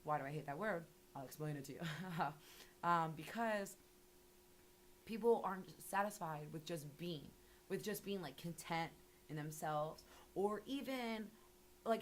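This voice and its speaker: A woman's voice: medium pitch, a little hiss or hum. A young woman talking casually and animatedly, rambling with lots of filler words and swearing. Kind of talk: casual interview monologue.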